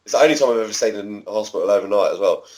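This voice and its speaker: Chatty guy in his thirties, lowish voice, swears a lot and tells long stories. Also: rapid-fire, a little mellow, rough recording. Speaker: podcast guest, former backyard wrestler. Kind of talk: casual storytelling interview.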